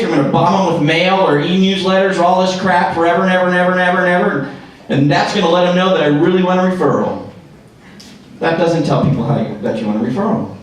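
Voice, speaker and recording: Animated man giving a sales talk. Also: sits high. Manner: animated, punchy, rhetorical questions. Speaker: presenter at real estate seminar. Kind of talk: motivational sales talk to a live audience. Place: meeting room with live audience. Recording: echoey room, recorded from far off.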